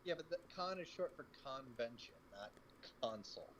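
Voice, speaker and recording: A man's voice: medium pitch, lively intonation, normal speed, fairly bright tone, muffled recording, a little hiss or hum. A man making dry, sarcastic remarks while chatting on a game stream through a phone. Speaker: stream co-host. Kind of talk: casual chat over gameplay. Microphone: phone over voice chat.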